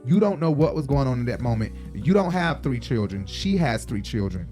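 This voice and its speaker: A man hosting a casual recap of a reality show in a mid-pitched voice. He sounds chatty and opinionated, and he pads his points with frequent ums. Faint music plays under him. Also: very animated, a little fast, dark tone.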